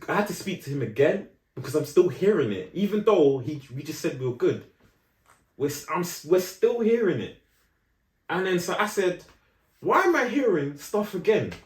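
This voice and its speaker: A man's voice: on the high side, echoey room. A young man telling a story in casual podcast chat, full of slang and "do you know what I'm saying" asides. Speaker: podcast co-host.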